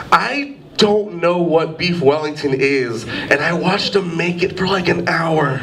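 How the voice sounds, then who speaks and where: A man's voice: fairly high pitch, a bit bright. A man in his twenties doing a rambling, self-deprecating stand-up set on a pub stage, with lots of "like". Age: 20s. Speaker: stand-up comedian. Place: pub stage with live audience. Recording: distant mic, audience laughter.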